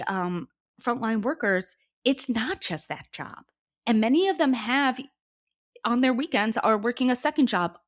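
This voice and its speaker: A woman in her thirties, a researcher and social worker, answering interview questions earnestly, laughing easily and sometimes dropping to a quiet tone. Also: medium pitch.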